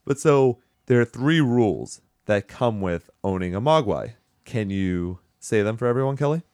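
Male podcast host, sarcastic and sweary, mid-pitched, close and dry. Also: normal speed, no echo. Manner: sarcastic, profane, animated. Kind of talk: casual movie-review banter.

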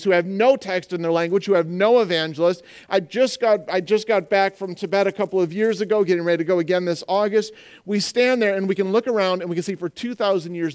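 A man in his forties preaching a sermon, animated and joking with the congregation, acting out little voices. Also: extremely high pitch, clear, resonant tone. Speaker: pastor.

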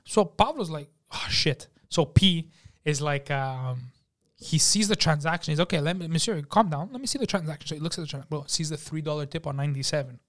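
Animated, higher-pitched man telling a story. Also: fast. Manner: animated, profane, acts out the people in his story. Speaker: podcast guest. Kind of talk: casual storytelling. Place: podcast studio.

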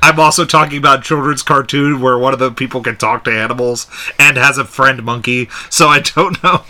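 Chatty bright-voiced man laughing easily. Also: medium pitch. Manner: chatty, quick to laugh, rambling. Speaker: podcast co-host. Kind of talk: casual chat.

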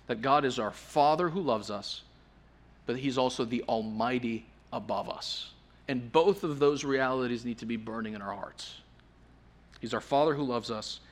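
An earnest male preacher delivering a sermon at a mid pitch. He leans hard on key words, then drops to a hushed, soft voice. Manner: earnest, swings from forceful emphasis to hushed softness.

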